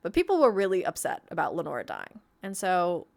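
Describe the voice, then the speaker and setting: A woman's voice: on the low side, huge pitch swings, brisk, vocal fry, a little mellow. A woman talks through advice for a roleplay group in a loose, conversational way. She rambles, leans on fillers, and laughs lightly as she goes, like an admin teaching her community. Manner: chatty, rambling, many fillers and frequent laughs. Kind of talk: casual instructional talk.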